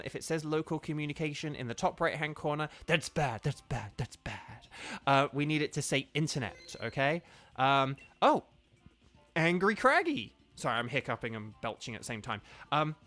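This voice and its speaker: A young man hosts a casual livestream, talking warmly and loosely with his viewers, with many ums and restarts. His voice sits a little high for a man. Faint game music plays underneath. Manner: chatty, friendly, lots of fillers and restarts. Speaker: streamer and voice actor.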